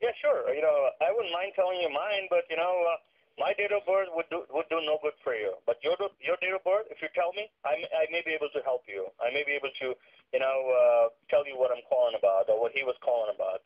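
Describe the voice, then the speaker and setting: Fast-talking man on a muffled phone line. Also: on the high side. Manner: rapid, filler-heavy, politely insistent. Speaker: call center agent. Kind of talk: phone call.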